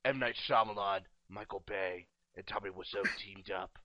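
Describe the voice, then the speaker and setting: A man's voice: lowish voice, moderate pace, no room sound. An American man interviewing a guest in a casual, joking chat, laughing often as he riffs on bits. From United States. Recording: dry, dull lo-fi sound.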